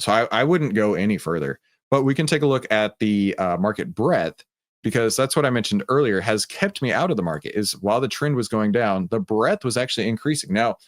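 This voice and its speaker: A man with a Texan accent hosting a casual live-stream about stock trading, chatting with viewers and greeting them by name with many fillers. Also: fairly low pitch. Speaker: livestream host of a trading room.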